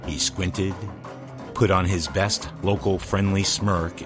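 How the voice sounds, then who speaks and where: Deep voiced guy narrating slow and deadpan, music under him. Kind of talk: scripted first-person narration.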